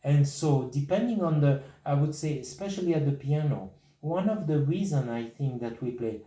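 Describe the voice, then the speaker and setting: Piano teacher, male, non-native English, scats rhythms, mellow tone, mic set back in a room. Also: a little high, moderate pace. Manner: sings and scats rhythms to demonstrate. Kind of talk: piano masterclass coaching. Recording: roomy, from a distance.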